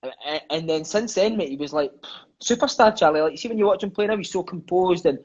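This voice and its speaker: A Scottish man in his thirties rattles off his stories at a quick clip, in a slightly high, husky voice. He talks loosely and swears freely. The audio is dull and lo-fi. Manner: lively, swears freely, peppers speech with "mate" and "eh". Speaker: guest, former footballer. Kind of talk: casual storytelling chat.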